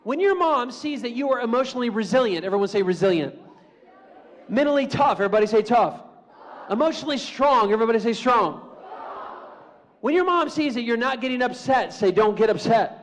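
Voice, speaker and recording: A man's voice: extremely high pitch, fairly quick, some chatter behind. A man giving a playful motivational talk to a room full of students and calling for the audience to answer back. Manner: playful, animated, calls for audience responses. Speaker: motivational speaker. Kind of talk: school assembly talk.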